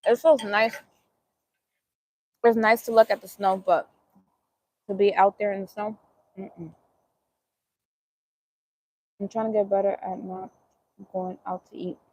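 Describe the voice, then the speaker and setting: A woman's voice: mid-range voice, level tone, a little slow, pauses often, darkish tone. A woman with a Bronx New York accent chatting casually on a live stream while eating, answering viewers' comments and laughing easily. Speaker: vegan cooking channel host.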